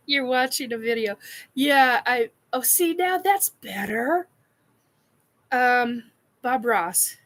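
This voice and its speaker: Slow-talking giggly woman streamer. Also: a little high, lively intonation, fairly bright tone. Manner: giggly, swears often, answers chat comments. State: giddy and laughing. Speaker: live stream host. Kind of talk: casual live chat reacting to a painting video.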